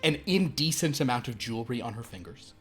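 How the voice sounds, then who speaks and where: Man, game master, casual rambling narration, soft trailing delivery, faint background music. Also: medium pitch, animated, brisk. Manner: meandering, casual descriptions that trail off softly.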